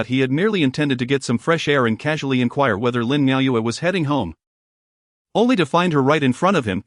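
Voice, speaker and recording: A man narrating a romance drama story in an even, measured reading. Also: medium pitch, no echo, studio quality.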